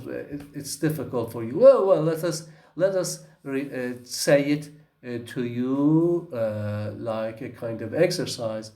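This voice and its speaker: A man teaching English pronunciation, slow and repetitive, often asking "okay?" to check understanding. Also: on the high side, darkish tone. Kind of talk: recorded phonetics lesson. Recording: echoey room.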